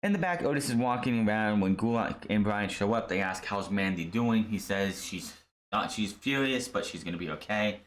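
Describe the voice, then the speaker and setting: Male wrestling reviewer, lowish voice, blunt and exasperated solo rant. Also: expressive, moderate pace. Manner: blunt, exasperated, rambling with restarts. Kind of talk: casual solo commentary.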